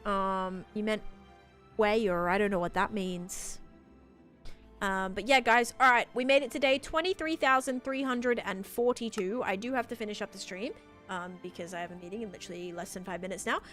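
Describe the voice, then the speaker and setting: A woman's voice: medium pitch, moderate pace, a bit bright. A woman chatting casually and bubbly on a live stream while playing, thanking her viewers. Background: faint background music.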